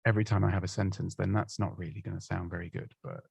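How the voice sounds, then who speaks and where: Chatty low-voiced man. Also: fairly even intonation, quick pace, gravelly, a little mellow, breathy edge, no echo. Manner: chatty, self-deprecating, frequent restarts. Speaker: presenting coach. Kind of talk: casual live Q&A advice. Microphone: close studio microphone.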